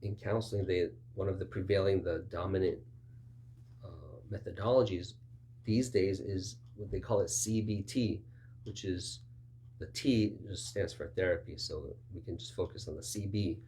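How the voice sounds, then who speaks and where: A man gives a relaxed, conversational sermon in a lowish voice. He keeps slipping into short acted dialogues, lifting his pitch for the other side. A faint hum sits underneath the recording. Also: moderate pace. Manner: conversational, acts out both sides of dialogues with raised pitch. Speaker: pastor.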